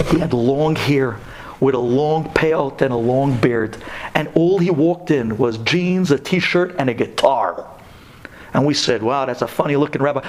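A man from Brooklyn tells a religious story with plenty of feeling. His voice sits a little high for a man, and he moves between near-whispers and loud, half-sung lines. It has the sound of a radio talk show. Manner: dramatic, swings from hushed to loud and sung.

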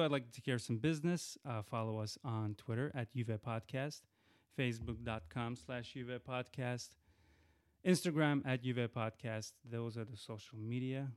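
A man hosting his podcast alone, chatting loosely about the show and giving shout-outs, often restarting his sentences. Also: mid-range voice. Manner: chatty, rambling with frequent restarts. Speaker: podcast host. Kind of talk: casual solo podcast intro.

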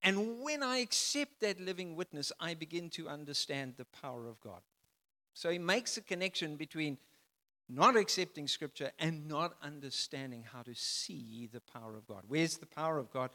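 A man preaching a sermon, emphatic, swinging from loud declarations to soft, quiet phrases. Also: on the high side, expressive, moderate pace, long reverb tail. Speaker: pastor.

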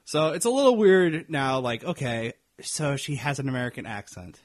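A man co-hosting a casual review podcast, his voice at an ordinary middle pitch. He talks in a halting way, stopping and restarting with "uh" and "um" as he works out his points. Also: animated. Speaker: podcast co-host.

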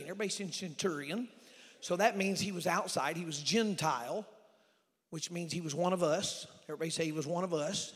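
A man's voice: a little high, a little fast, fairly bright tone. A man in his sixties preaching a sermon as an evangelist, emphatic and acting out scripture, calling on the congregation to answer. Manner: emphatic, acts out scripture voices, calls congregation responses. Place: church sanctuary. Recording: long echoing church hall.

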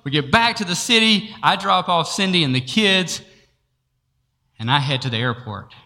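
Guy preaching in a church, bright punchy voice, tells his own story, acts out the lines, laughs a lot, big echoey hall. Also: fairly high pitch, expressive, moderate pace. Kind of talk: sermon with personal story. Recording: long reverb of a large hall.

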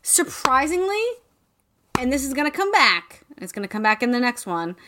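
Co-hosting a casual podcast, a woman recaps a book with lots of swearing and jokes, retelling it animatedly and quoting voices. Her voice is high-pitched at a moderate pace.

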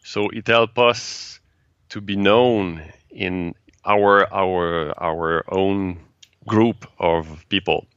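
A man from Quebec with a French-Canadian accent, a native French speaker being interviewed about the events he organizes, speaking halting English and searching for words. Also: low voice, fairly even intonation, fairly bright tone, clear, resonant tone, no room sound, muffled recording. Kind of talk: casual interview chat.

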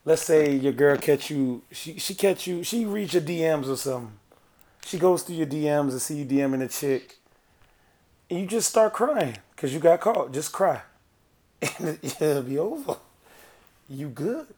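A fairly high-voiced man holds forth in loose podcast banter. He presses his point over and over, insistent and emphatic, often laughing mid-argument. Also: expressive, measured pace, a little mellow. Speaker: podcast co-host.

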